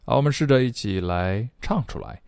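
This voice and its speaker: A man teaching an online English pronunciation and singing lesson. He explains in quick bursts, then slowly models each phrase. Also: lowish voice, expressive, gravelly, darkish tone, no echo, studio quality.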